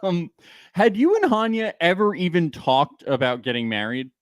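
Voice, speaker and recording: A man's voice: fairly high pitch, sing-song, moderate pace, no room sound, clean studio sound. A man co-hosting an interview, asking curious, probing questions with light laughter. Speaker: podcast co-host.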